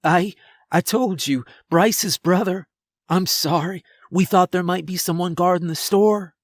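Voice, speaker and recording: A man's voice: high-pitched, a little slow, no room sound, studio quality, pitched above the performer's own voice. A man voicing a stammering scared teen boy. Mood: frightened. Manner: stammering, pleading. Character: scared nervous teenage boy.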